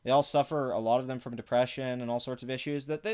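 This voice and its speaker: A man's voice: mid-range voice, steady tone, fast talker, few pauses, a little mellow, clear, resonant tone. A man giving sarcastic, profane commentary, reading parts of an article aloud between exasperated rants. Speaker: online commentator.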